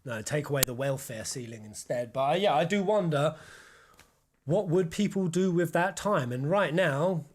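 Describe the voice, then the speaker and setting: A young man hosts a casual live stream, voice sitting a touch high for a man. He rants with energy and swears freely as he talks. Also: normal speed, slight background noise. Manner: animated, swearing freely, ranting. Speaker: stream host.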